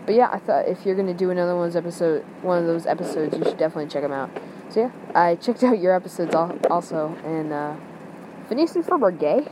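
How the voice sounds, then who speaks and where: A man's voice: high voice, lively intonation, fast talker. A man leaving a hesitant, rambling call-in message for a podcast on his phone. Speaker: caller. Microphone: phone via a call-in app. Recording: phone message with loud background noise.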